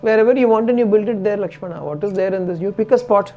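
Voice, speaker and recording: A man voicing a calm, gentle royal elder brother who reassures his sibling. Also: high-pitched, rapid-fire, dull audio, soft background music, voice pushed up, lightly acted.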